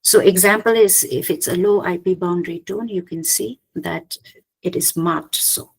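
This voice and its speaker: A woman giving an academic slide presentation, hesitant, often pausing with "okay" and restarting her phrases. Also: lowish voice, gravelly, slightly rough, low-quality recording. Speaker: conference presenter.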